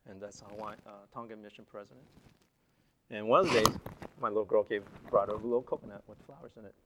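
A man's voice: on the low side, fairly even intonation, fast, dull audio, noisy background. A man presenting at a seminar, telling stories from his slides in a chatty, conversational way with frequent restarts. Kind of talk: casual slide presentation storytelling.

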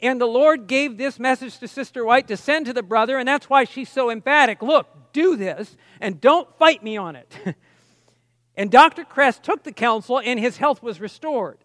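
A man's voice: very high-pitched, normal speed, fairly bright tone, no echo, in a large hall. A man preaching a teaching sermon, talking conversationally with asides and reading quotations with emphasis. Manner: conversational, explains with asides and reads quotes emphatically.

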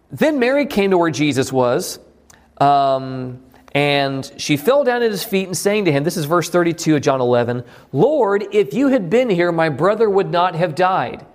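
A man preaching a sermon to a congregation, animated, acting out the voices of biblical figures as he tells the story. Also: fairly high pitch. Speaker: pastor.

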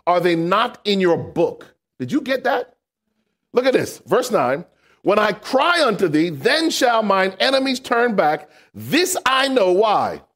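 Man, sermon, high voice, wide swooping pitch, emphatic shouting, rhetorical questions. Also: measured pace. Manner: animated preaching with call-and-response questions. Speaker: preacher.

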